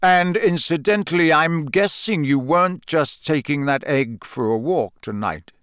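A man voicing a gruff, battle-scarred older male wizard who growls and speaks slowly and deliberately. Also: on the high side, expressive, fairly bright tone, no echo, clean studio sound, pitched above the performer's own voice.

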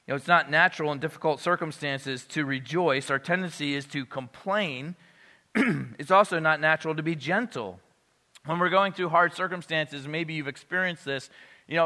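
A man delivers a Sunday sermon in an easy, conversational way, often checking in with his listeners. His voice is bright and sits a little high. It rings with the long reverb of a large church hall. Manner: conversational, asks the audience questions. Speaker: pastor.

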